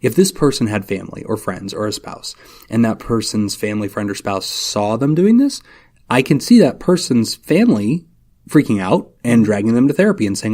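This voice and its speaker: A man co-hosting a casual podcast as a therapist, talking in a lively, animated way with jokey asides. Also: fairly low pitch, normal speed. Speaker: therapist co-host.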